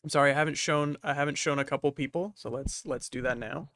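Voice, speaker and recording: A man narrates a tabletop game as game master. He describes each scene haltingly and fills the pauses with frequent fillers. His voice sits slightly high and is recorded dry and close. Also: steady tone, a bit bright, dry recording.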